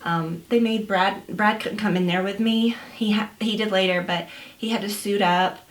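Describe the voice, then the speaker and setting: A woman's voice: medium pitch, fairly even intonation, normal speed. A young woman, a new mother, telling a story in a chatty, casual way with lots of fillers and quoted asides. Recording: roomy echo.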